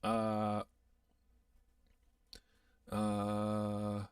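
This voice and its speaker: A man's voice: lowish voice, monotone, drawn-out words, clear, resonant tone, dry recording, studio quality, far from the mic. A man hosting a casual livestream, reading viewer comments and rambling in a self-deprecating way, laughing often and swearing. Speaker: livestream host.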